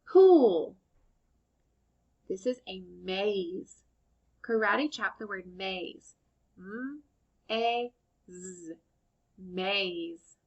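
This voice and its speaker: A woman teaching young children phonics, sounding out words slowly and clearly and praising them warmly. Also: medium pitch. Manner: slow, clear sound-by-sound modeling, encouraging.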